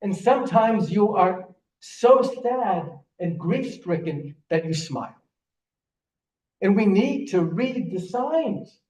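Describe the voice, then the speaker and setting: Heard from afar in an echoey synagogue sanctuary with slight background noise, an older man preaches as a rabbi. His somewhat mellow, high voice has lively intonation and an unhurried pace as he earnestly tells stories, frequently restarting what he's saying.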